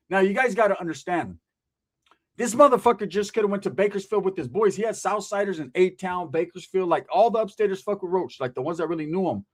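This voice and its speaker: A man and former convict telling a story in casual, profane street slang, animated, swearing and laughing at his own jokes. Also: high voice, fast.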